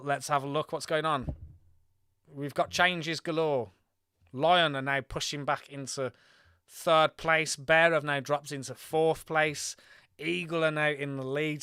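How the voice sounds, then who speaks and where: A man from Birmingham talks through a live strategy-game stream, reading scores aloud and chatting with his viewers. His voice is smooth and clean at a middling pitch. The sound is close and dry. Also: pushed and bright, dry recording. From Birmingham, England.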